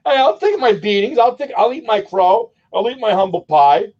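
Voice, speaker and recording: Man, radio co-host, excitable, self-mocking, lively pitch. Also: moderate pace, lo-fi sound. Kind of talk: casual radio banter.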